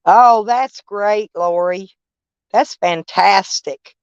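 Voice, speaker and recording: A woman's voice: medium pitch, takes it slowly, smooth, dry recording. An older woman with a drawl rambles through a casual live chat, folksy and blunt, swearing freely. She speaks from her camper over dull, lo-fi stream audio with a close, dry sound.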